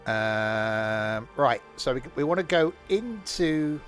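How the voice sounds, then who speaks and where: A hoarse man chatting casually as he streams a train game, rambling with plenty of fillers and self-corrections. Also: mid-range voice, expressive, takes it slowly, faint music behind. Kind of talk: casual live-stream commentary.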